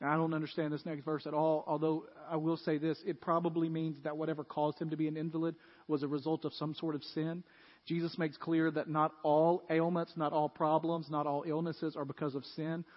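A man preaches to his congregation, his voice sitting high for a man. He slips into lively storytelling as he retells scenes. The sound is dull and carries a long church-hall reverb. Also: a little fast. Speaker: pastor. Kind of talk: sermon.

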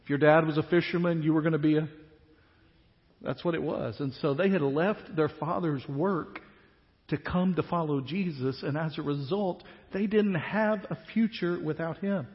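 A male pastor preaching a sermon, animated, acting out the disciples' questions in quick bursts. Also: a little high. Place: church sanctuary. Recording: dull sound with long church reverb.

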